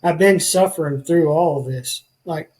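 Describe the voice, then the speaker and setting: A man's voice: on the high side, moderate pace, a little mellow, poor audio. A man, a podcast guest telling his life story in an earnest, rambling way with many restarts. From rural northwest Missouri.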